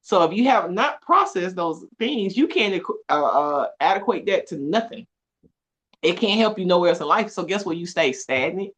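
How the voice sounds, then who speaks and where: Animated woman. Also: on the low side, moderate pace, husky. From Atlanta, USA. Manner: animated, expressive storytelling with frequent laughs. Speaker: podcast guest. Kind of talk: casual conversation.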